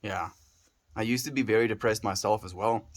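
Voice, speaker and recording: A man's voice: on the low side, a little fast. A man livestreaming, chatting casually with his viewers, reading their messages aloud and musing in a reflective way. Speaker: daily livestreamer.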